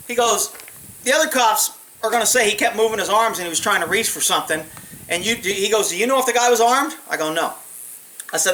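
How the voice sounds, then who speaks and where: A man recounting old police work in a loose, unscripted monologue, his voice bright and edgy. He talks bluntly, swears freely and jumps into quick impressions of the people in his stories. A faint hiss sits under the recording. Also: high voice, poor audio. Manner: blunt, profane, animated retelling with acted quotes. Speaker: former police officer telling stories. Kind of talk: casual storytelling monologue.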